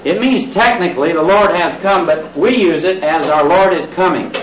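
A man's voice: fairly high pitch, normal speed. A man preaching a sermon to a congregation, getting them to repeat words aloud and tossing in jokey asides. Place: church hall with congregation. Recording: echoey, distant, lo-fi cassette recording.

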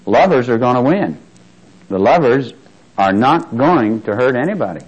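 Male preacher, mid-pitched, chatty sermon delivery, emphatic swells, quizzes the flock. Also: expressive, moderate pace, breathy edge, poor audio. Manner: conversational, asks the congregation questions.

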